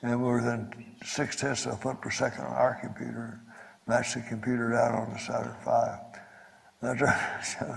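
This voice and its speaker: An older former astronaut on a panel, telling a folksy story in a conference hall. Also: male voice, mid-range voice, level tone, moderate pace, creaky. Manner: anecdotal, folksy, repeats himself. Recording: echoey hall.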